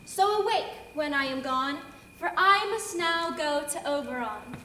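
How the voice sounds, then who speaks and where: A woman's voice: sits high, lively intonation, a little slow, pushed and bright, a little hiss or hum, full character voice. A woman playing a mischievous young fairy sprite, speaking rhyming verse on stage in an echoey hall, recorded from far off. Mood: incanting.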